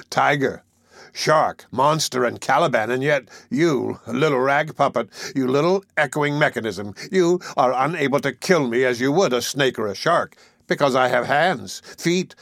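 A man reads a hard, domineering sea captain from a storybook, speaking slowly and with open contempt. His voice sits at a middle pitch and sounds close and dry, with no room around it. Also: creaky, fairly bright tone, dry recording. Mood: scornful. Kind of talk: audiobook character voice.

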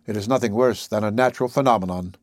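A man narrating a classic adventure novel in the first person, with a husky voice and measured storytelling. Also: fairly low pitch, dry recording, clean studio sound. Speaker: audiobook narrator.

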